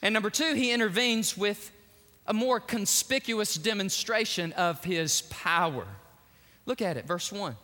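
A man preaching a sermon in an animated, emphatic way, often repeating words for stress. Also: sits high, normal speed. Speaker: pastor. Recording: long hall reverb.

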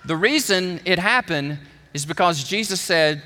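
Male preacher, high bright voice, animated object-lesson sermon, hall reverb. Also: moderate pace. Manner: animated, emphatic storytelling.

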